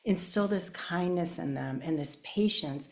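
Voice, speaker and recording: Older woman guest, gravelly and low, lively storyteller who voices quotes; roomy recording. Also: a little slow. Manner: animated, acts out quoted voices. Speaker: guest, child mental health specialist. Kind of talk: casual conversational storytelling.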